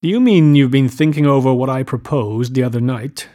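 A man's voice: mid-range voice, brisk, mellow, close to an everyday voice. Eager, boastful rich young man voiced by a male reader, showy and a little anxious, storybook reading. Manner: eager, boastful, keeps saying "old sport".

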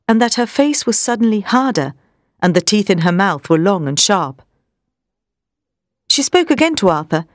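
Brief: a woman narrator with a middle-pitched voice who reads a story at a steady, measured pace. The recording is dry and close. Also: dry recording. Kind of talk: storybook reading.

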